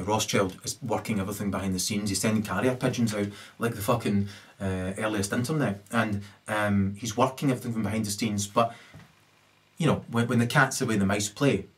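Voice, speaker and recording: Man, mid pitch, rambling rant to camera, tags lines with "right?". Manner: keeps tagging "right?" onto his sentences. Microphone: camera mic.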